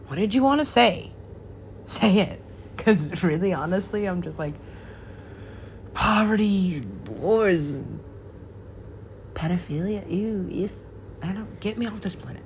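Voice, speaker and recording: A woman's voice: mid-range voice, expressive, unhurried, long pauses, slight background noise. A woman talking in a rambling monologue, laughing often and dropping to whispers now and then.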